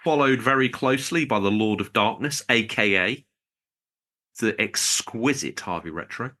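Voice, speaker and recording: A man's voice: mid-range voice, animated, normal speed, pushed and bright. A man co-hosting a podcast, chatting in a jokey, rambling way while reading out supporters. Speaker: podcast co-host. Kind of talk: casual podcast chat.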